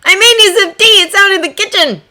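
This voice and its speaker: A woman voicing a cheerful, affectionate adult husband who speaks in a bright, gushing, exclamatory way. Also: very high-pitched, a little fast, voice pushed up, full character voice.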